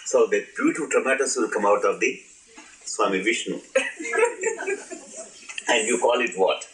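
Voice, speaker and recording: A man's voice: medium pitch, huge pitch swings, slow, pauses often, background noise. A man giving an informal spiritual talk, playful and laughing, asking his audience questions. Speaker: spiritual teacher. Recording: echoey room, old archive recording.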